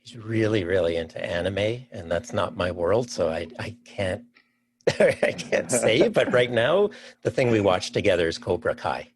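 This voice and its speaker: Low-voiced Canadian-born man, enthusiastic. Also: animated, normal speed. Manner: enthusiastic, thinks aloud before answering. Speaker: podcast guest. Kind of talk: casual interview chat.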